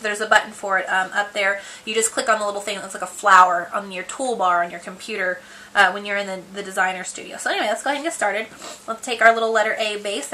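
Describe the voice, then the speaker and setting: A woman's voice: medium pitch, sharp tone, low-quality recording. A woman giving a casual crafting tutorial at home, chatty and full of ums and likes. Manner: chatty, many ums and likes, giggles at herself. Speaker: crafter demonstrating a paper box project.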